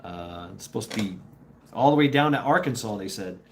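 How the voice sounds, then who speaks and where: A man's voice: lowish voice, expressive, brisk, a little hiss or hum. A man telling a rambling, profane story in casual chat with his viewers, often laughing. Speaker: livestreamer chatting with viewers.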